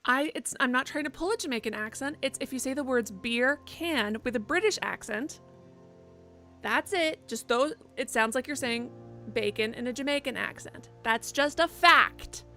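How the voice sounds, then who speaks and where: A woman's voice: sits high, moderate pace, fairly bright tone, faint music behind. A woman streamer chatting and joking casually while playing a video game. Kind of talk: casual let's play commentary.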